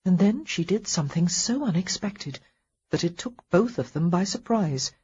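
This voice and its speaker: A woman narrating a historical romance audiobook in a soft, measured reading with a breathy voice. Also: on the low side, lively intonation, highs cut off. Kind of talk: scripted narration.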